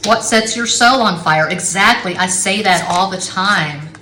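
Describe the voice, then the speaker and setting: A woman's voice: medium pitch, a little slow, sharp tone. A middle-aged woman giving a casual tarot reading at home, rambling and blunt, with frequent swearing. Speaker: tarot reader. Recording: echoey room with faint background noise.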